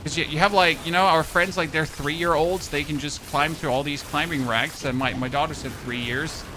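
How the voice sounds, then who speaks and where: His voice sits a little high, steady in tone and moderate in pace, as the thirtysomething German-accented streamer chats and jokes with his viewers over gameplay, replying to their messages. Background noise and music can be heard behind him.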